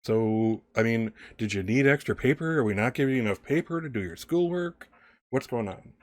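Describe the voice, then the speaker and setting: A man's voice: animated, a little fast, darkish tone, lightly acted. A man voicing an angry, strict middle-aged stepmother who scolds and mocks. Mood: scolding. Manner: shrill, scolding, mocking.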